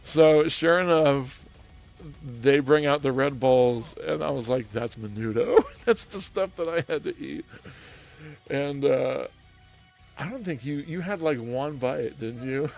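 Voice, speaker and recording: A man's voice: mid-range voice, measured pace, creaky, pauses often, a little mellow. A man hosting a gaming livestream, telling a story in a chatty way with frequent laughter and restarts, with faint music behind him. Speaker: streamer host.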